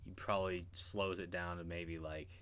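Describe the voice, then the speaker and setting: A man's voice: deep voice, little pitch movement, moderate pace, fairly bright tone, clear, resonant tone. A man narrating as game master in an online tabletop game, hesitant and full of restarts. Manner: hesitant, many restarts and fillers.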